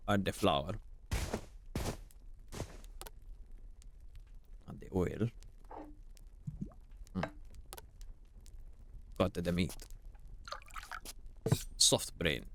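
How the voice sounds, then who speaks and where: A man doing a hammy mock-Italian cook reads the dialogue in a lowered, near-whispered voice. The accent is broad and playful, the delivery slow and theatrical, sitting deep in the register. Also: a little hiss or hum, full character voice. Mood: savoring. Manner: low, hushed, theatrical reading. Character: Italian-accented male cook narrating the game.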